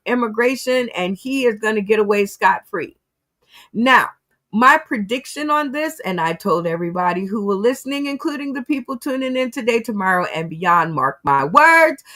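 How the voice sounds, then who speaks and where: A woman's voice: fairly high pitch, fairly bright tone. A woman hosting a casual commentary show, giving her opinions on the news and speaking straight to her audience. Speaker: host.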